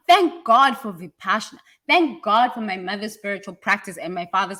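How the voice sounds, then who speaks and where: A South African woman with a British-tinged accent giving a passionate motivational talk, swinging from quiet asides to loud, emphatic repeated lines. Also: medium pitch, lively intonation, normal speed, hardly any pauses. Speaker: speaker on personal growth.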